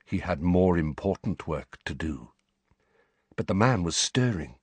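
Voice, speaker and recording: A man reading a novel aloud as an audiobook narrator, with dramatic, expressive storytelling. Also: sits low, a little slow, husky, no room sound. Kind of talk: scripted narration.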